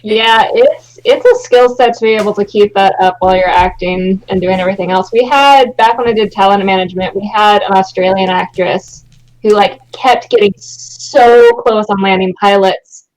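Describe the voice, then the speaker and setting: A woman who used to work in talent management, teasing and chatting in a relaxed group conversation. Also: medium pitch, normal speed, rough recording. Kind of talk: casual group chat.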